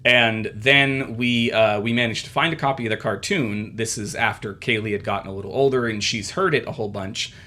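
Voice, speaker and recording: A man with a bright, forceful voice chats casually on a podcast, excitedly recounting a story. He stumbles into restarts as his enthusiasm runs ahead of him. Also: lowish voice, a little fast, hardly any pauses. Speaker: podcast co-host. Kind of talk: casual chat.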